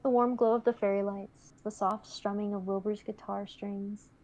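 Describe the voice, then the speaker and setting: A young woman guest reading a fan story in a steady, mid-pitched voice. Between passages she is playful and encouraging with her co-host. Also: moderate pace, poor audio. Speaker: guest co-reader. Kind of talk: reading fan fiction aloud and casual chat.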